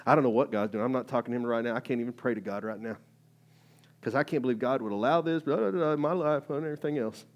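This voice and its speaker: A man preaching a sermon in a conversational, animated way, full of fillers and rising emphatic bursts. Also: medium pitch, quick pace. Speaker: pastor.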